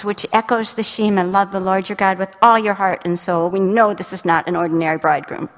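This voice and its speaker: A woman Bible teacher giving a sermon, telling personal stories with intimate warmth and dropping to a soft whisper when she speaks the words of God. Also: medium pitch, moderate pace, few pauses. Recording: reverberant hall.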